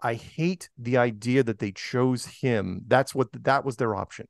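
A man's voice: mid-range voice, a little slow, gravelly, dry recording, clean studio sound. A man talking as a podcast guest in a rambling way, full of fillers and restarts. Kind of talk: casual interview talk.

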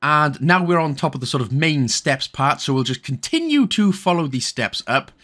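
A man's voice: a little high, very animated, normal speed, a bit bright. A young Welsh man giving casual, jokey, rambling commentary over a game walkthrough. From Wales. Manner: rambling, jokey, self-correcting.

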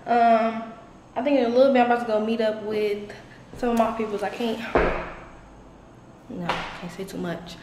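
A woman's voice: a little high, moderate pace, pauses often, background noise. Chatty young woman, echoey empty apartment. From Detroit, USA. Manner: chatty, excitable, talks straight to viewers as y'all, swears freely. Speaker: vlogger. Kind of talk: casual apartment tour vlog. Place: new, mostly empty apartment indoors.

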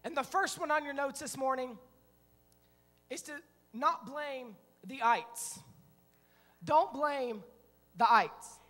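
High-voiced pastor in a reverberant church. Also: male voice, takes it slowly, long pauses. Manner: animated storytelling, acting out scenes, bursts of shouting. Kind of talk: sermon. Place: church sanctuary. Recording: long reverb of a church hall.

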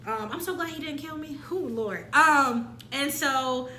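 A woman in her twenties tells a candid personal story, lively and slangy, and she acts out the things she once said. Her voice is bright and a little high. The room is echoey, with a faint hum of ambience behind her. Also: measured pace. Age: 20s. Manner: animated, slangy, acts out her own past lines. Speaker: vlogger.

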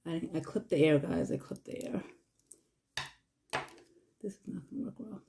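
A woman's voice: on the low side, lively intonation, moderate pace, gravelly, pauses often, mellow. A woman vlogger chatting casually and fondly to her pet and her viewers. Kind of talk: casual pet vlog chat.

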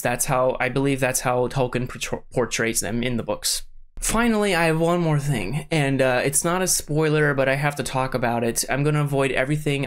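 Rambling young man ranting to camera. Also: mid-range voice. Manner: rambling with many fillers and restarts, gets worked up. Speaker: vlogger, show reviewer. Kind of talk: casual rant to camera.

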